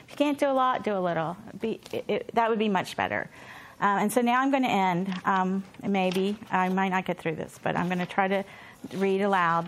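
A woman's voice: mid-range voice, a little hiss or hum. A woman in her fifties, an earnest and self-deprecating conference speaker and homeschooling mother who rambles with restarts and reads a book aloud. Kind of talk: conference talk and read-aloud. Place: conference session.

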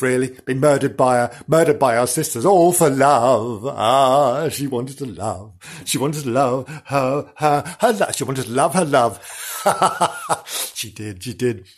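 A podcast host telling a history tale in a theatrical, gossipy, mock-dramatic way. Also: male voice, mid-range voice, husky. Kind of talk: comic storytelling.

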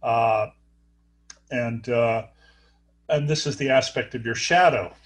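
A middle-aged man, a surgeon, telling stories in an interview, halting often with fillers and restarts. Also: mid-range voice. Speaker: guest, neurosurgeon. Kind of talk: storytelling interview talk.

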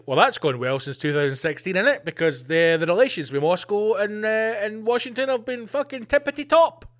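A man hosting a podcast, ranting in a sweary, sarcastic comic monologue and slipping into mock voices. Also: on the high side. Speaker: podcast host.

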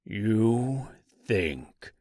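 A man voicing an evil giant male tree monster with a slow, drawn-out, mocking delivery. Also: on the low side, expressive, warm tone, dry recording, clean studio sound, heavily acted.

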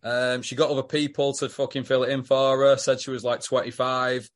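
A man's voice: mid-range voice, level tone, fairly quick. A man from England co-hosting a podcast, chatting casually and swearing as he recaps a soap. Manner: sweary, chatty, laughs often. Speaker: podcast co-host.

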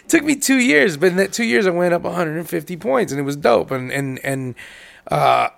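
Man, gravelly voice, fairly high, animated, swears a lot, casual podcast storytelling. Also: brisk. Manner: animated, swearing, acts out both sides of conversations. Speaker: podcast co-host.

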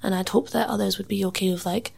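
Chatty creaky-voiced woman musician. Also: medium pitch, fairly even intonation, fast, a little mellow. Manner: chatty, laughs often, says "like" a lot; acts out other people's lines in quoted voices. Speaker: musician and MC, podcast guest. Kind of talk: casual interview chat.

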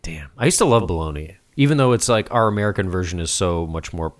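Low lively-voiced man musing aloud. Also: fast. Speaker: podcast co-host. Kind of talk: casual chat.

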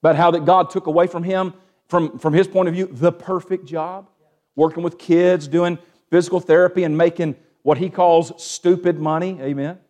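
Pastor, male, high voice, sermon delivery with call-and-response, shifts between hushed and raised. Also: fairly even intonation, normal speed. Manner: Southern-tinged preaching with call-and-response "amen?", swings from hushed to raised.

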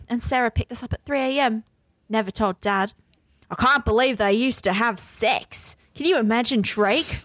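Young woman, podcast co-host, reads a script aloud, slightly high voice, dry close sound. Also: no echo. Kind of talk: casual podcast chat, reading a script aloud.

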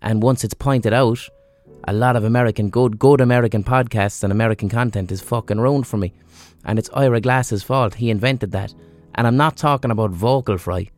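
A man's voice: medium pitch, a little fast, a little mellow, faint music behind. Blunt sweary man, feverish. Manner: blunt, sweary, rambling with many ums. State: feverish, unwell. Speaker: podcast host. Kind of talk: casual solo monologue.

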